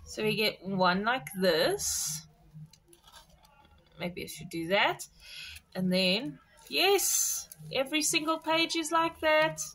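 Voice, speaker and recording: A woman vlogging a craft subscription box unboxing, gushing with excitement and talking straight to her viewers. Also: sits high, takes it slowly, rough recording. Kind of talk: casual unboxing chat to viewers.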